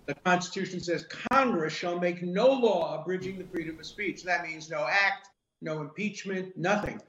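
A man's voice: high voice, normal speed, a bit bright. Older man, emphatic legal analysis, muffled roomy line. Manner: firm, emphatic, lays points out in numbered order. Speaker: law professor guest. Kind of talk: legal commentary in an interview clip. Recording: roomy muffled remote audio with faint hiss.

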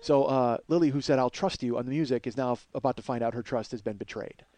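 A man in mid-range pitch tells a backstage story on a podcast, lively and profane, jumping into other people's voices as he quotes them. The recording is dry and close, with almost no room sound. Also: fast talker, no echo. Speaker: podcast host. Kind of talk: casual storytelling.

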